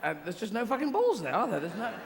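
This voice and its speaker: A man's voice: sits high, wildly swooping pitch, quick pace, gravelly, slight background noise. A man doing live stand-up comedy, rambling playfully with tangents and restarts, on a large theater stage. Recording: echoey live hall with audience. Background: audience laughter.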